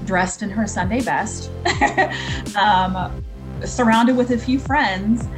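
A woman from Indiana tells a personal story as a guest on a podcast, earnest and reflective, with plenty of ums and you-knows. Her voice sits at an ordinary pitch. Clear music plays beneath her. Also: slow pace. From Indiana, US Midwest. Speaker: guest psychic medium.

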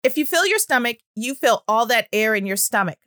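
A woman with a high, bright-pitched voice talks in a chatty, animated way as a speech-language pathologist. She explains things casually and fills her sentences with little fillers. The sound is dry and close, with no room echo. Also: brisk. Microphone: audio-only recording.

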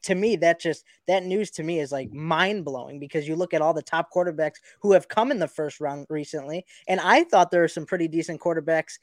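A man co-hosting a casual sports podcast over a video call, talking in a halting, hesitant way. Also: on the high side, no echo. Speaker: podcast co-host.

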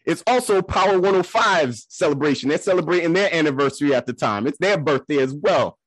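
A man with a fairly high voice tells embarrassing stories on a podcast with friends. He is loose, chatty and animated, and laughs and jumps into little voices as he goes. The sound is close and dry. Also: brisk, no echo. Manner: animated, laughing storyteller who acts out quotes. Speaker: podcast co-host. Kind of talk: casual podcast storytelling.

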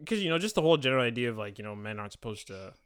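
A young man co-hosting a casual podcast chat, thinking out loud and laughing often. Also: mid-range voice, very animated, very fast, clean tone. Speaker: podcast co-host and editor.

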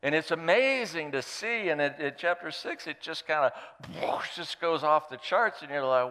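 A man preaching with a smooth, resonant voice, reading scripture and breaking off into playful, animated asides. His words hang in a long reverb from a church hall. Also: on the high side, moderate pace, hardly any pauses. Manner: playful, animated storyteller who jokes aside. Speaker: pastor.

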